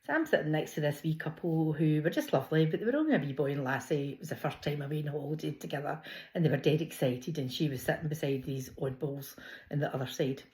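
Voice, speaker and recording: Low-voiced Glasgow woman chatting. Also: quick pace, dark tone. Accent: Scottish, Glasgow. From Scotland. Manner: chatty, laughing storyteller. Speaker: vlogger. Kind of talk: casual personal vlog.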